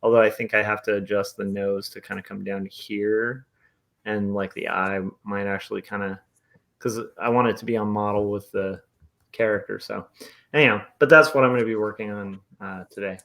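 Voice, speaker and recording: A man's voice: on the low side, steady tone, a little fast, gravelly, a bit bright. A man co-hosting an artists' podcast, upbeat and thinking aloud with fillers as he shows his work. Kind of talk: casual chat.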